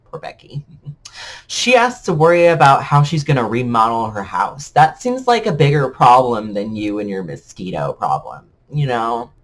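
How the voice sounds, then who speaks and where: A man's voice: medium pitch, big pitch swings, normal speed, hardly any pauses. A man ranting bitterly and sarcastically to camera in a vlog. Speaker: vlogger. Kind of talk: emotional rant to camera.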